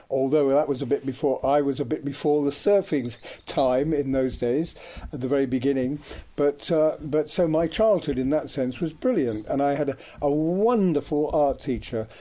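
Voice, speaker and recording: Older man, mellow and hesitant. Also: mid-range voice. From Devon, England. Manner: hesitant, with frequent ums and restarts. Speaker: guest. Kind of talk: reminiscing conversation.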